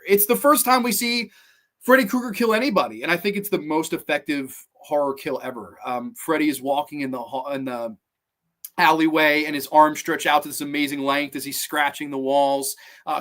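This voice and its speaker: Male host, a bit high-pitched, casual and enthusiastic, loose and profane countdown delivery. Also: a little fast. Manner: excited, rambling, swears freely. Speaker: horror movie show host.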